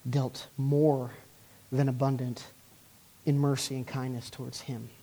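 A man's voice: high voice, darkish tone. A man preaching a sermon, reading scripture aloud with earnest emphasis and some restarts.

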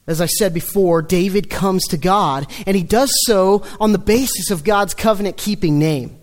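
Male preacher, light high voice, earnest sermon delivery. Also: moderate pace. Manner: earnest, dips low and soft when quoting the psalm.

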